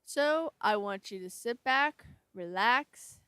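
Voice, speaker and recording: A woman hosting a casual storytelling video, halting and stumbling as she reads her notes aloud. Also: on the high side, animated, sharp tone, smooth, no room sound, rough recording. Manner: many fillers and restarts. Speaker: storytelling channel host. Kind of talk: casual spoken intro to a scary story.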